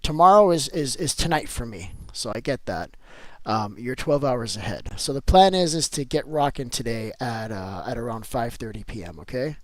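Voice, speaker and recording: A man's voice: medium pitch, lively intonation, normal speed, few pauses, no echo. A man chatting casually with viewers on a live game stream, answering chat and repeating himself as he talks.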